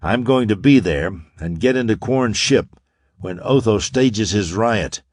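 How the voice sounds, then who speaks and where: A man's voice: fairly low pitch, animated, unhurried, no room sound, studio quality. A man voicing a confident young space hero in an audiobook, wry, clipped and commanding.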